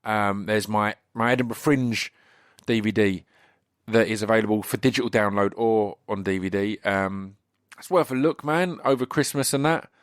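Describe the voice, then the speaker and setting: Croaky English man hosting a podcast. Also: fairly low pitch, moderate pace, dry recording, studio quality. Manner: rambling, chatty, many restarts and fillers. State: slightly croaky voice. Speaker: podcast host. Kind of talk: casual solo intro.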